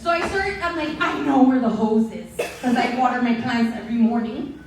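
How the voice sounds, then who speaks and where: A high-pitched woman tells a wild personal story on stage, laughing through her lines, swearing freely and dropping into Spanish. She sounds far from the mic, with a big echoing hall around her and steady noise underneath. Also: normal speed. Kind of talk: live comedic storytelling. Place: stage at a live story slam. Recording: echoey hall, heard from far off.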